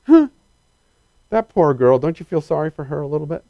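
Animated, higher-voiced male preacher, dry sound. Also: brisk, dry recording, muffled recording. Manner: animated and emphatic, swinging from loud excitement to quiet earnestness; addresses the congregation directly with questions. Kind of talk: sermon.

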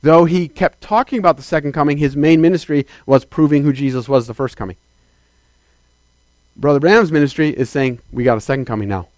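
A man preaching a sermon as a pastor, swinging between loud declarations and quiet asides and calling out to the congregation. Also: a little high, a little fast, no echo. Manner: calls out to the congregation for affirmation.

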